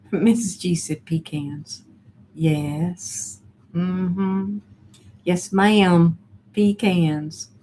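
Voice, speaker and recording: A woman's voice: fairly low pitch, drawn-out words, long pauses, warm tone, a little hiss or hum. A middle-aged woman hosting a live chat stream. She talks casually and rambles, with many fillers and restarts, and answers viewer comments as she reads them.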